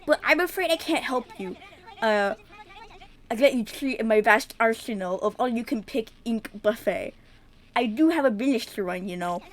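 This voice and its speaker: A woman's voice: a little high, lightly acted. A woman voicing a nerdy male horseshoe-crab weapon shopkeeper with an exaggerated nerdy voice while reading game dialogue aloud.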